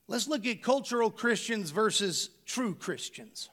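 A man's voice: high voice, animated, measured pace, few pauses, fairly bright tone. A middle-aged male pastor preaching a sermon, emphatic and conversational, full of rhetorical questions to the congregation.

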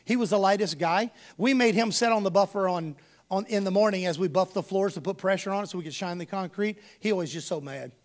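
A man's voice: sits high, a little fast. A man from Texas, preaching a sermon full of folksy personal stories and calling his congregation y'all.

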